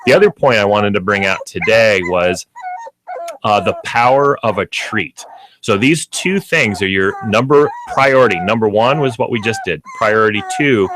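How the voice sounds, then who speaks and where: Brief: male radio host and dog trainer, lowish voice, lively animated delivery, explains patiently step by step. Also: background noise. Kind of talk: instructive radio talk.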